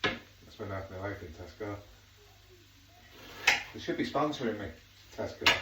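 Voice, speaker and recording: Yorkshire bloke cooking at home, chatty and rambly, echoey room, mic a ways off, noisy. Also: male voice, on the low side, expressive, normal speed, far from the mic. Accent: Yorkshire English. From Yorkshire, England. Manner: rambling, jokey asides. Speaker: home cook vlogger. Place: home kitchen.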